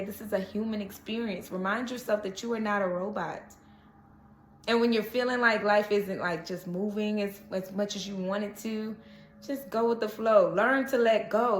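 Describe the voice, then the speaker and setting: A woman's voice: mid-range voice, a bit bright, a little hiss or hum. A woman giving a casual tarot reading to camera, chatty and reassuring, often checking in with "okay?". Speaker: tarot reader. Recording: echoey room.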